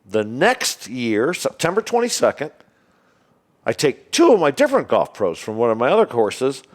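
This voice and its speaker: Man, from Illinois, casual storytelling, animated, very expressive pitch, average pitch height. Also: moderate pace. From Springfield, Illinois, USA. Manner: animated, acts out other people's lines in quoted speech. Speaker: podcast guest, golf course owner.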